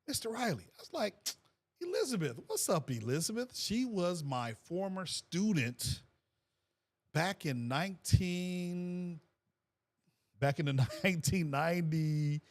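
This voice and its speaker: A middle-aged man, a fifth grade teacher, hosting a casual livestream and reading viewers' comments aloud in a relaxed way, repeating phrases and laughing often. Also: mid-range voice. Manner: laid-back, repeats himself, frequent laughs.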